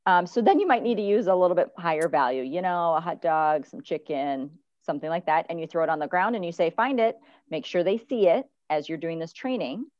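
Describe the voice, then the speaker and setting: A woman dog trainer giving advice in a podcast chat, animated, acting out what dogs might be thinking. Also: a little fast, hardly any pauses, dry recording, dull audio. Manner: animated, acts out dogs' thoughts in high voices.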